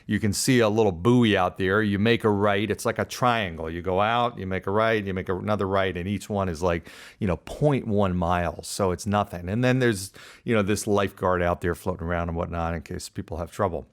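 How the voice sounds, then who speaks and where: A man hosting a podcast, telling a personal story in an animated, self-deprecating way. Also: low voice, a little fast. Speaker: podcast host. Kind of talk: casual storytelling monologue.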